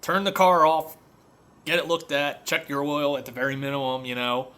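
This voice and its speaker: A man's voice: a little high, level tone, moderate pace, a bit bright, clear, resonant tone. A man who runs a car repair shop, telling customer stories in a loose, filler-heavy rant. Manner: conversational storytelling, many fillers. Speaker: auto repair shop owner. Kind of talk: casual monologue rant.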